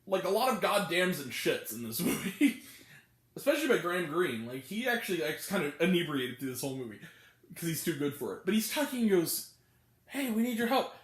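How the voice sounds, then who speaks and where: Animated, incredulous woman reviewing films. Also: fairly low pitch, brisk, echoey room. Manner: incredulous, laughing, swears freely. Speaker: film reviewer. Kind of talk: casual movie review rant.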